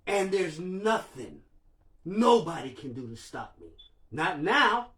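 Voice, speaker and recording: Guy talking real open on a stream, emotional, cussing a lot, kinda high voice. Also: very animated, takes it slowly, sharp tone. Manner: raw, emotional, swears freely. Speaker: livestream host. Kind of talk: candid livestream talk.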